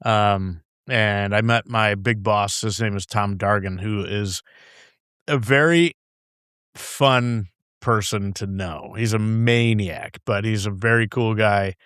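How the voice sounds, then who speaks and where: A guest brewer in a podcast studio tells casual, rambling stories, laughing often, swearing freely, and acting out his boss's lines. His voice is on the low side, slow, smooth and a bit bright, captured dry on a studio microphone with no echo.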